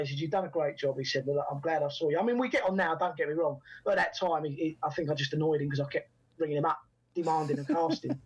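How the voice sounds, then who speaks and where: A man tells anecdotes at a rapid clip in a fairly high, husky voice. He slips into the voices of the people he quotes as he goes. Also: highs cut off. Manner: animated anecdotes, acts out quoted dialogue. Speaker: actor and writer guest. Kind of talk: storytelling in a podcast interview.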